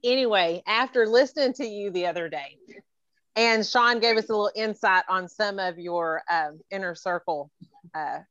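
A woman's voice: medium pitch, normal speed, a bit bright, no echo, lo-fi sound. A middle-aged woman hosting a podcast in casual chat, playful and teasing, laughing often. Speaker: podcast host.

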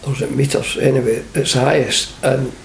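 An older Scottish man, a former football manager, telling lively anecdotes in an interview and acting out the voices of the people in them. The sound is an echoey room with faint hiss. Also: mid-range voice, brisk, gravelly. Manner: animated storyteller, acts out quoted voices.

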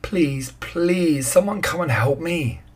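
A man's voice: on the high side, animated, slow pace, breathy edge, voice pushed up, heavily acted. A man voicing a frightened but determined boy of nearly ten in a read-aloud storybook, crying out for help. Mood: anxious, determined.

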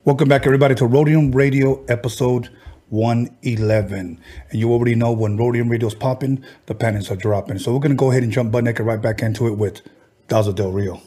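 Husky fast-talking male podcast host. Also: medium pitch, fairly even intonation, warm tone. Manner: brash, profane, hype promo delivery. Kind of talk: casual podcast hosting.

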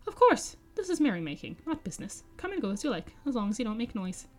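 A woman reading the lines of a spry, sharp-tongued elderly male hobbit poet, cheeky and snarky. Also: fairly high pitch, very animated, quick pace. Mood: cheerful. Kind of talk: audiobook-style reading of dialogue.

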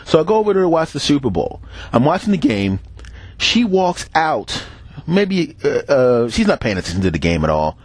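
A man's voice: medium pitch, normal speed, dry recording. A middle-aged man hosting a podcast, telling comic stories casually and acting out the voices of the people in them. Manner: animated, acts out quoted voices, laughs between bits. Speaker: podcast host. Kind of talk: casual comic storytelling monologue.

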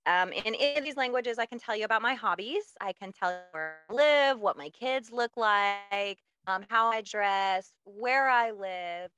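Woman, podcast guest, casual chat, animated, dry close mic. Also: medium pitch, clean tone, no echo. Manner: animated, laughing storyteller.

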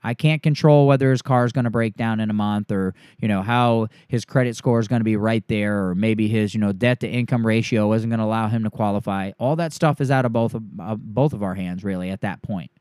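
A man working as a sales coach, walking through a sales script line by line and acting out the pitch he gives a homeowner. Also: a little fast, hardly any pauses, darkish tone, smooth, dry recording, clean studio sound.

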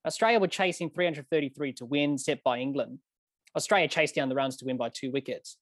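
A male podcast host asks eager questions and retells events to his guest in a lively way. His voice is of middle pitch, recorded dry and close with no room sound. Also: fairly quick, no room sound. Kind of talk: casual interview questions.

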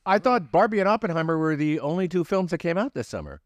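A man with a high voice that swoops and bounces co-hosts a comedy podcast. He throws in mock-excited punchlines. The sound is close and dry. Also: fast talker, dry recording. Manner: mock-hype exclamations. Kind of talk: sketch comedy podcast banter.

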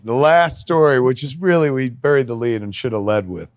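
A man co-hosting a podcast, casually telling stories with lots of swearing and excited bursts. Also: medium pitch, fairly quick, no echo. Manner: profane, excitable storyteller. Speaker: podcast co-host. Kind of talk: casual chat, storytelling.

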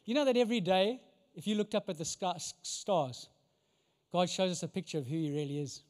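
A man's voice: sits high, fairly quick, darkish tone. A man preaching a sermon as pastor, emphatic and full of rhetorical questions. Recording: long reverb of a large hall.

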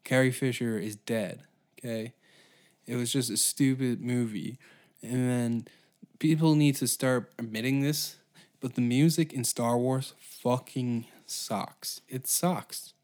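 A man's voice: medium pitch, steady tone, slow, darkish tone. A man hosting his own podcast, ranting sarcastically with heavy swearing, frequent stutters and restarts. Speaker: podcast host. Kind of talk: casual solo podcast rant.

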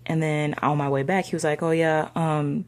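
A young woman telling a personal story in a slangy, conversational way, sometimes dropping into soft whispers. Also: low-pitched, little pitch movement, normal speed. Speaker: discussion participant.

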